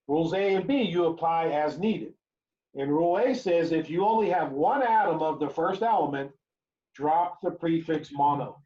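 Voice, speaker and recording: A male chemistry teacher with a fairly high voice gives a recorded lecture, walking through the rules step by step. He repeats each key phrase and keeps asking "right?" The sound is dull and lo-fi, like a remote class recording. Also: dark tone.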